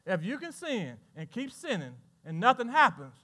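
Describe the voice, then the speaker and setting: A male pastor preaching a sermon. He asks the congregation questions and swings between loud, rising lines and hushed asides. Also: high voice, sing-song, normal speed.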